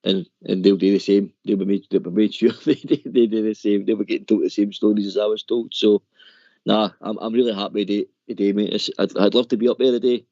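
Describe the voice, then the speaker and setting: Male caller, low mellow voice, earnest fan chat, dry muffled phone line. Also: fairly even intonation, quick pace, no room sound. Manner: earnest, says "mate" often. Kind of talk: casual chat.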